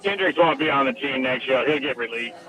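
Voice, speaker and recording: A man co-hosting a sports show, chiming in with relaxed, hedging opinions. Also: mid-range voice, a little fast, low-quality recording. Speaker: co-host. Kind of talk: casual sports chat. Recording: crowd noise in background.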